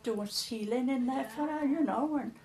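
A woman's voice: sits high, normal speed, darkish tone, reverberant, slight background noise. An older woman, telling stories in an interview in a chatty way, often repeating words as she recalls. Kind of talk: casual storytelling.

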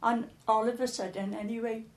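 A woman's voice: fairly high pitch, little pitch movement, fairly quick, roomy sound. An older woman, telling stories in an interview in a chatty way, often repeating words as she recalls. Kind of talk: casual storytelling.

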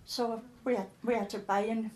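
A woman's voice: a little high, flat delivery, moderate pace, a little mellow, reverberant, a little hiss or hum. An older woman, telling stories in an interview in a chatty way, often repeating words as she recalls. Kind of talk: casual storytelling.

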